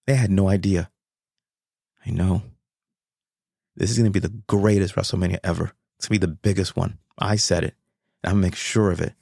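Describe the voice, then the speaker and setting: Man, podcast host, low voice, dry close sound, excitable, rambling, swears a lot. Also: moderate pace, creaky, long pauses, husky, dry recording. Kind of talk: casual solo commentary.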